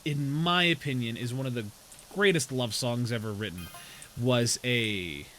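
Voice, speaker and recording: A man's voice: medium pitch, unhurried, a bit bright, faint music behind, low-quality recording. Chatty rambling male streamer. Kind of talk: casual chat while gaming.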